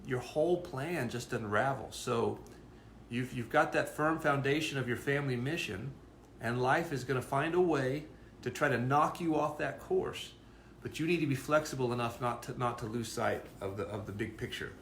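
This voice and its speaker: A man's voice: mid-range voice, normal speed, a bit bright, echoey room, slight background noise. A man co-hosting a parenting talk, explaining in an earnest, casual way and often restarting his words. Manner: earnest, repeats words while thinking. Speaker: co-host presenting a parenting course.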